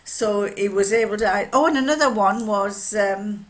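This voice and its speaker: An older woman from northern England chats casually about her sewing. She drifts into anecdotes, pausing on fillers, in an ordinary midrange voice. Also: mid-range voice. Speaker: sewing vlogger. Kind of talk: casual chat.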